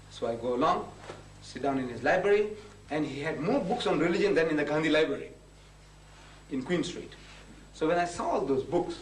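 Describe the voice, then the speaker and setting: A man's voice: fairly high pitch, a little hiss or hum. A man giving a religious lecture, pressing the audience with emphatic rhetorical questions. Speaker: Islamic preacher. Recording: echoey room from a distance, faint ambience.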